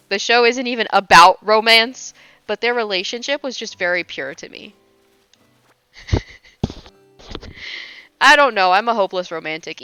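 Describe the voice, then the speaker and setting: A young female livestreamer chats casually while gaming, gushing and teasing herself in a lively, swooping voice of medium pitch. Her tone is bright and crisp, and the sound is dry and close with no room sound. She laughs a lot and swears lightly.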